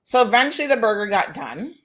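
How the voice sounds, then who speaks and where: A woman's voice: on the high side, brisk. Woman host telling a story. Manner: animated, acts out quoted dialogue, laughs. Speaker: talk show host. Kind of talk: casual monologue, storytelling.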